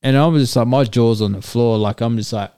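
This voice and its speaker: A man tells a long, crude story in casual chat. His voice sounds smooth and resonant, and the room is dry and close. He jumps into other people's voices as he goes. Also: medium pitch, fairly quick, no echo. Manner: rambling crude anecdote, animated quoting. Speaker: storyteller guest.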